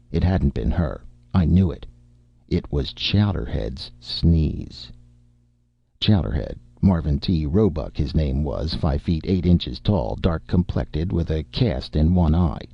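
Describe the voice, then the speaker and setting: Intense male narrator for a first-person story, very deep gravelly voice, muffled lo-fi recording. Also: dry recording.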